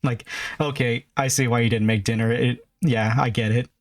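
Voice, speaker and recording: A man's voice: mid-range voice, steady tone, moderate pace, no echo. Guy rambling through a recap, mid voice, lots of likes, dry mic. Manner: loose, rambling, many fillers. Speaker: podcast co-host. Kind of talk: casual chat.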